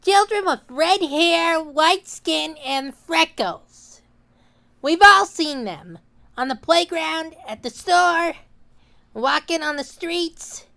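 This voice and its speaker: A sneering cartoon schoolboy. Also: male voice, very high-pitched, slow pace, creaky, pushed and bright, full character voice. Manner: sneering, mock-solemn oratory. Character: smug hateful schoolboy giving a class speech. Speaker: student speaker. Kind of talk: cartoon voice acting.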